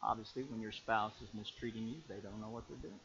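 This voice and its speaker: A man preaching as pastor, in a folksy, animated storytelling way that jumps to loud peaks. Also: lowish voice, fast, vocal fry, highs cut off. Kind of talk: sermon.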